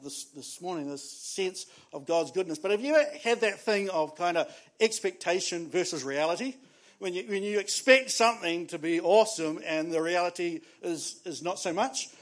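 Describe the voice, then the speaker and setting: A New man in his thirties preaching to his church. He tells stories with animation and laughs often, and his voice sits high for a man. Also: normal speed. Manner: animated storytelling, laughs often, restarts words. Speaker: pastor. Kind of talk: sermon.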